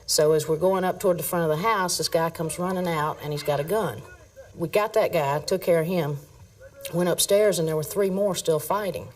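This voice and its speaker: A woman police officer telling a work story in a brisk, plain manner. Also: on the low side, darkish tone, distant mic, low-quality recording. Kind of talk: interview anecdote.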